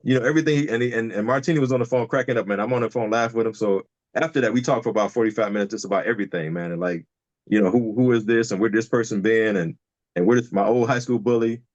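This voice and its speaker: Fast-talking man on a dull remote line. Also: lowish voice, fairly even intonation, no room sound. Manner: rambling storyteller with many fillers and restarts. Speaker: podcast guest, DJ. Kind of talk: casual chat. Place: home over a video call.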